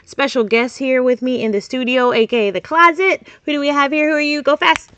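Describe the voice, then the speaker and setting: A woman's voice: sits high, steady tone, a little fast, a bit bright, dull audio, slight background noise. A woman host, coaching young children on reading sounds in an upbeat, teacherly manner with sing-song emphasis, recorded in a small closet studio.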